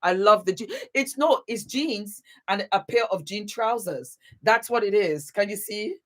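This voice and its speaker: A woman hosting a casual live stream, greeting viewers warmly by place and laughing often as she chats. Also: medium pitch, a little slow. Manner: warm, chatty, calls viewers baby and beautiful. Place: home, seated.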